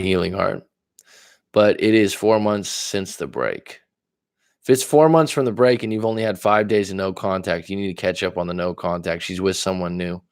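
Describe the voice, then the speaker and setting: On a livestream, a man with a fairly low voice talks casually as a dating coach, answering viewer comments one after another. He tells stories candidly and bluntly, swearing now and then. The sound is dry and close, with no room echo. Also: a little mellow. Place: lives in Thailand.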